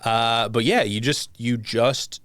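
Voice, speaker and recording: A man in his thirties, a guest on an interview show, telling stories in a relaxed, self-deprecating way and sometimes trailing off while he hunts for a name. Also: medium pitch, takes it slowly, dry recording. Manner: lively storyteller, self-deprecating, trails off searching for names. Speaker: podcast guest, mortgage company executive. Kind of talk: casual interview chat.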